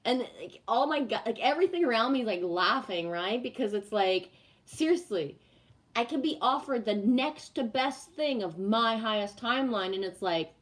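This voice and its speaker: A woman hosting a casual spiritual livestream, reading viewer comments and venting bluntly, with lots of swearing and repeated "right?" tags. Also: on the high side. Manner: emphatic and profane, rhetorical "right?".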